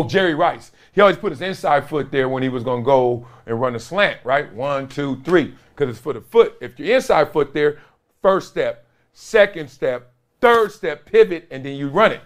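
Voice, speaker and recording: A man hosting a show, telling football stories in a casual, animated way, laughing often and acting out other people's lines in a raised voice. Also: mid-range voice, moderate pace. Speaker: former NFL player and podcast host. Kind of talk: casual storytelling chat.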